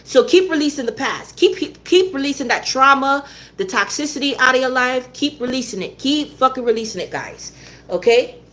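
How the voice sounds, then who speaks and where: A woman's voice: sits high, animated, normal speed, fairly bright tone. A woman giving a tarot reading in a blunt, repetitive way, swearing now and then. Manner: blunt, swears, repeats herself, laughs often. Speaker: tarot reader.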